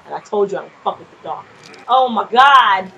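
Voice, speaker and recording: A woman casually commenting on her gameplay, chatty and quick to swear, often laughing and talking back to the game's characters. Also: medium pitch, lively intonation, gravelly, bright, forceful tone, poor audio. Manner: nervous and jumpy in scary moments. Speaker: gameplay streamer. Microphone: desk microphone.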